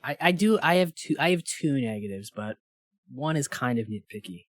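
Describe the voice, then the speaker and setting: A man co-hosting a podcast in casual chat, talking animatedly and jumping high when he voices his own thoughts. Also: normal speed, no room sound, studio quality. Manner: animated, rising into high-pitched asides. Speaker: podcast co-host.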